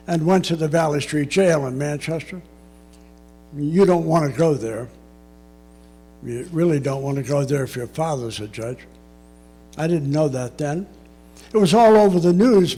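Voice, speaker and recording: An older man speaks in a measured, reflective way, slipping in the occasional dry aside. His voice sits a little higher than most men's, with faint music underneath. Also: darkish tone. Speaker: public speaker. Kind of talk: personal storytelling talk.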